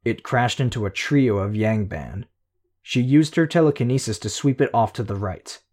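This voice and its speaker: A man narrating a first-person audiobook in a steady, measured way. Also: mid-range voice.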